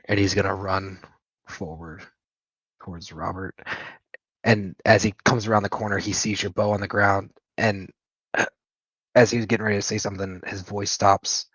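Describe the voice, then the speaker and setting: A man with a lowish voice narrates a tabletop session as game master, unhurried and pausing now and then. The sound is dry and dull, like a lo-fi recording. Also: steady tone, fairly bright tone, husky, dry recording. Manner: descriptive, unhurried narration with hesitations.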